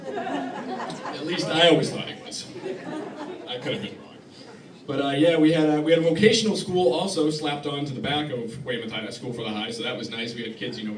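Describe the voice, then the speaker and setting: Guy doing deadpan stand-up, sounds far away, echoey club, crowd noise behind. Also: on the high side. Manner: deadpan, halting, many restarts. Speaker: stand-up comedian. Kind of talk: stand-up comedy set. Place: club hall with live audience laughing. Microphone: phone recording from the crowd. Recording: echoey distant phone recording of a club.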